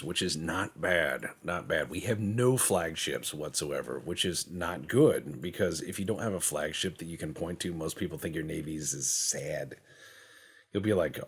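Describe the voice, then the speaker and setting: A man with a low, creaky voice and a breathy edge gives rambling, joking gameplay commentary. He mutters to himself while navigating menus and acts out imagined dialogues in quick quoted voices.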